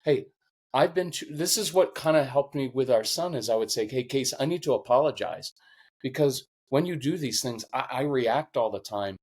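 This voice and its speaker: His voice is medium-pitched and his pace moderate as the middle-aged man talks with his interviewer. He's a parenting coach on a podcast, recounting stories with earnest animation and becoming choked up with feeling.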